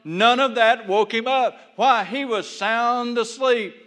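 Male pastor, folksy sermon, high voice, swings loud to hushed, long hall reverb. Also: slow pace.

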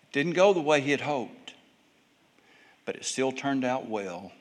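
A male pastor preaching a sermon, telling Bible stories and acting out the people in them with big swings in pitch and volume. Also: animated, unhurried.

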